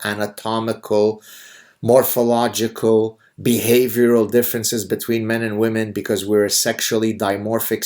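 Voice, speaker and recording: A middle-aged man rants in a sarcastic, combative monologue. His voice sits a little low, and he talks like a host holding forth on a live audio chat. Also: darkish tone.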